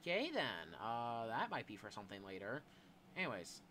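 A man giving profane, excitable, joking gameplay commentary as a YouTuber. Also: medium pitch, normal speed, slight background noise. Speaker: gaming YouTuber.

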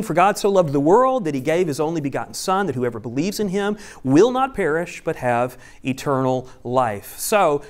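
A male pastor giving a conversational teaching sermon, explaining step by step with friendly asides. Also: a little high. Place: church room with a screen.

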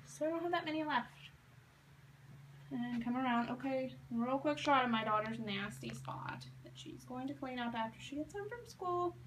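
A woman in her thirties narrates a casual tour of her home craft room, chatty and self-deprecating with plenty of fillers. Her voice sits a little high, picked up by the camera's own mic as she films. A faint hum of room noise runs underneath. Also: animated, moderate pace, low-quality recording. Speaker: craft vlogger.

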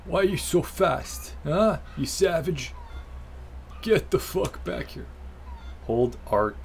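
A man's voice: a little high, expressive, takes it slowly, gravelly, faint music behind. A man doing casual, foul-mouthed let's-play commentary, joking and talking to himself and the game. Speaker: gaming video host.

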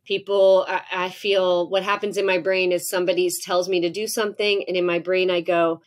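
Animated woman in her forties. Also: lowish voice, fairly quick, hardly any pauses. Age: 40s. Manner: animated storytelling, acts out heated exchanges with laughter. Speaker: communication professor guest. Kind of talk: candid podcast conversation.

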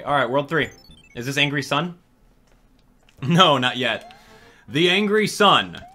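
A young man, a gaming channel host, talks through a game in a lively commentary voice whose pitch leaps up and down as he gets excited. He jokes around and chats back to his viewers, with faint music playing underneath. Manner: excitable, jokey, reads and answers chat. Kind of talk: live gameplay commentary.

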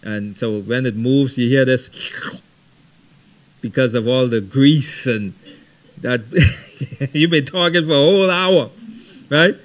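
A middle-aged man leading a Bible study, teaching conversationally with lively stories and frequent "right?". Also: mid-range voice, slow, long pauses. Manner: animated storytelling, frequent ums and repeated "right?".

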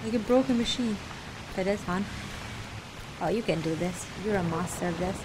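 A woman playing a video game, reacting excitably and cheering on the character. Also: mid-range voice, normal speed, noisy background. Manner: excitable, exclaiming, talks to the character. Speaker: gamer streamer. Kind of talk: live gameplay reactions. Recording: voice over loud game music.

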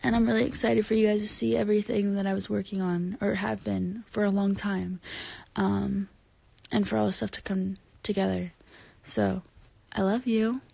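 Tired, rambling woman with vocal fry. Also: mid-range voice, flat delivery, normal speed, dark tone, dry recording. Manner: rambling and giggly, drops into whispers at times. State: tired from no sleep. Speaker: singer livestreaming to fans. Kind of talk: casual late-night livestream chat, reading comments. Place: at home at bedtime, indoors. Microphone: phone camera held close.

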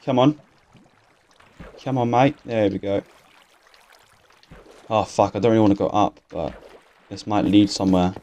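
A young English man giving casual, excitable gameplay commentary from his bedroom, swearing constantly and talking to himself. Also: on the low side, measured pace, long pauses, a little hiss or hum. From England. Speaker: gaming youtuber. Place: bedroom at home.

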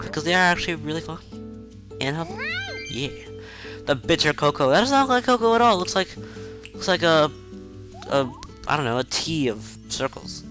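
A man casually commenting on a video game as he plays, chatty and rambling, with self-mocking asides and excited outbursts. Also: a little high, a little fast, long pauses. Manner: excitable outbursts during play. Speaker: video game let's-play host. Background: faint game music.

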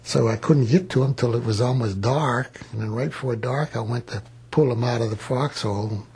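Very husky old man reminiscing. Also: medium pitch, normal speed, darkish tone. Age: 80s. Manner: plain-spoken, rambling, with reported dialogue. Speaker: war veteran. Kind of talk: oral history recollection.

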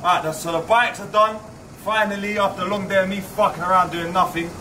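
A man's voice: high-pitched, fairly even intonation, a little fast, far from the mic, loud music behind the voice. A young man, bantering casually as a vlogger, cheeky and full of swearing and jokes. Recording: noisy background.

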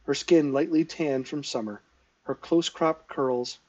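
A man reading a novel aloud live, telling it at a steady pace with small self-corrections. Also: fairly high pitch, a little slow, distant mic, lo-fi sound. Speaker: reader.

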